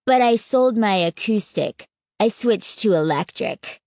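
A man's voice: sits high, expressive, unhurried, darkish tone, dry recording, studio quality. A woman reading a storybook and voicing a humorless, snappish boy who speaks curtly. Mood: flat. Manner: curt and snappish.

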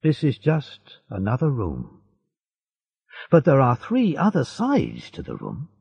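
A frail old prisoner, small and sad but kind, as a man reads him, talks in a gentle, earnest way. His voice comes slow and gravelly, with a husky edge. The recording is dull and lo-fi. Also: mid-range voice, wildly swooping pitch, no room sound, voice pushed up, full character voice.

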